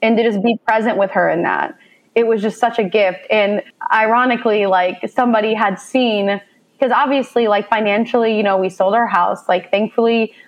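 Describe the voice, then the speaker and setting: A woman's voice: medium pitch, normal speed, low-quality recording. Woman, 30s, from Indiana, guest in an interview, earnest and emotional, livens up when acting out her own thoughts. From Indiana, USA. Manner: heartfelt, animated when quoting herself. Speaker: guest, mother of a child with special needs. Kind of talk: emotional personal storytelling in conversation.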